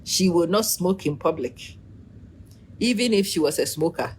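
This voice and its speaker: Animated middle-aged woman vlogging. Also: fairly low pitch, normal speed, a little hiss or hum. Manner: animated, preachy, teasing, talks to viewers by name. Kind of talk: casual opinion monologue.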